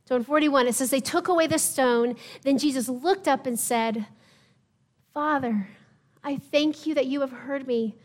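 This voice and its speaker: A woman pastor delivers a sermon in a high, bright-pitched voice. She tells the story in a conversational way and slips into the voices of the people in it. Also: normal speed.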